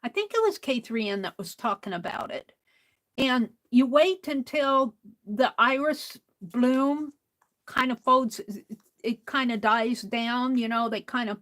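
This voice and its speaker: Woman crafting host, slow and soft-spoken, whispery asides to herself, slightly high voice. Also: lively intonation, poor audio. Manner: talks to herself while working. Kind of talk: casual chat while stitching.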